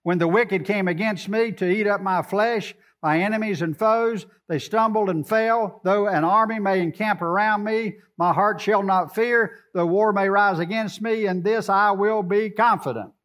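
A man preaching with a high voice and a drawl. He quotes scripture and talks to the congregation in a loose, conversational way. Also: moderate pace, few pauses, fairly bright tone. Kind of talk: sermon.

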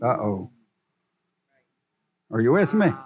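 Preacher man in church, slowish, voice goes up and down a lot, asks the crowd questions. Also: mid-range voice, husky, lo-fi sound. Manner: animated preaching, rhetorical questions to the congregation. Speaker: pastor. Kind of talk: sermon.

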